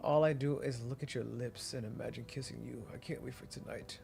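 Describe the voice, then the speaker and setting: A gaming streamer reads love letters from a game aloud, hamming up the romantic lines. He breaks off into jokes and laughter. His voice sits in a middle pitch, with faint music underneath. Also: fairly quick, gravelly. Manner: animated, mock-romantic reading, laughs often. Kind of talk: reading game letters aloud with joking asides.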